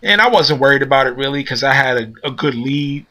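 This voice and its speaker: Bright-voiced man rambling through a story. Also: mid-range voice, lively intonation, a little fast. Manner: rambling, repeats himself with many fillers. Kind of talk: casual spoken anecdote. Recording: dull lo-fi recording.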